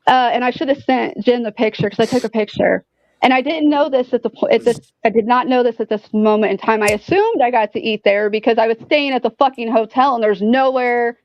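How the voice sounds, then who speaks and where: A woman tells a long story in casual conversation, full of fillers and swearing. Her voice sits fairly high. The audio is dry and a little dull, like a lo-fi recording. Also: a little fast, no room sound. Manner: animated, profane storytelling with many "like"s. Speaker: guest. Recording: dull lo-fi sound.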